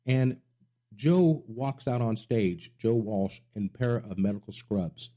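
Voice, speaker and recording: A man's voice: on the low side, takes it slowly, mellow. A middle-aged man hosting a music radio show, telling rambling stories with enthusiasm. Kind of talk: casual interview chat.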